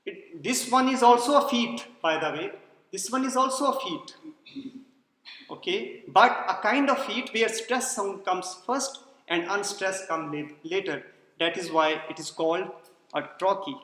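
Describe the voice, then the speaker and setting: A man's voice: high voice, a little slow, a bit bright. A man giving a classroom lecture, explaining patiently, repeating key points and checking whether students follow. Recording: echoey hall, long reverb.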